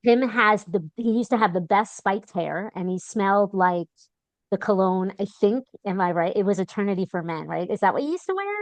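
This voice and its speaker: A woman's voice: mid-range voice, animated, fairly quick, dry recording. A woman in her fifties from Long Island interviewing an old friend over a video call, speaking fondly and laughing often. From Long Island, New York. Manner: fond, laughing, list-like tributes. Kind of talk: warm, affectionate conversational interview.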